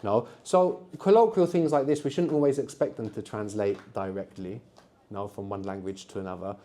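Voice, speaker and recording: A man's voice: on the low side, moderate pace, dark tone. A man teaching a live language workshop to university students, patiently prompting them with questions and answers. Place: lecture room at a university.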